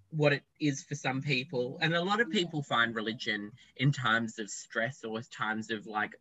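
A young man, a podcast guest, telling his story in a candid, animated way with casual swearing. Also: mid-range voice, dry recording, lo-fi sound.

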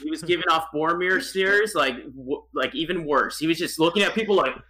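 A man's voice: a little high, fairly quick, bright, forceful tone, rough recording. A man in casual chat, ranting with exasperation about a film he disliked. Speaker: podcast co-host.

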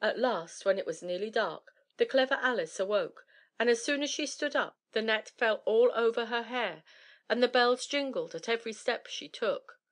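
A woman narrating an old fairy tale in a steady, measured reading voice. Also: fairly high pitch. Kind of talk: storybook reading.

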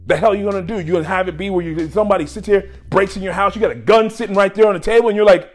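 A man preaching a sermon on gratitude in an exhorting way, moving from low talk to loud shouts. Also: very fast, few pauses, soft background music.

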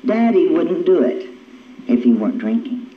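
An older woman telling her own story to an audience, animated and acting out the arguments she remembers. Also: deep voice, moderate pace. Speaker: speaker sharing her recovery story. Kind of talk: personal storytelling talk. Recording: echoey, dull, noisy old tape.

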